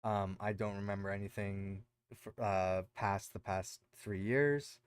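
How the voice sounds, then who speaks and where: Podcast co-host, male, rambling recap style with lots of ums, smooth lowish voice. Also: steady tone, unhurried, dry recording. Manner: rambling, lots of fillers and self-corrections. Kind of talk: casual chat recapping a show.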